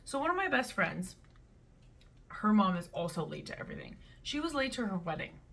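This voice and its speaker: Bright-voiced blunt young woman. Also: medium pitch, a little fast, gravelly. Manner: blunt and animated, with playful voices. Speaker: reaction video host. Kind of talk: casual chat reading online posts.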